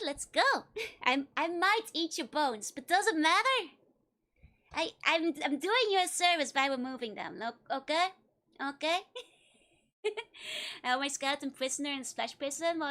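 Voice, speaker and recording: A virtual streamer with a Dutch accent chats playfully and casually with her livestream viewers, giggling often between lines. Her voice is high, animated and a bit bright, at a moderate pace.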